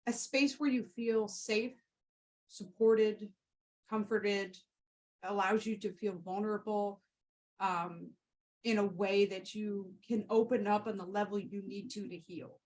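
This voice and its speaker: A woman's voice: medium pitch, steady tone, measured pace, a little mellow, rough recording. Rambling, heartfelt woman podcaster. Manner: rambling and heartfelt, with many fillers and restarts. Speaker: Reiki practitioner and podcast host. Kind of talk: casual storytelling and Q&A.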